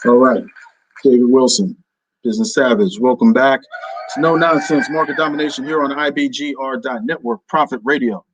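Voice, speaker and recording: A man's voice: medium pitch, normal speed, muffled recording, noisy background. A man from New Jersey hosting a business radio show, talking casually in a playful, theatrical way. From New Jersey, USA. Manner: playful and theatrical, jokingly overdramatic.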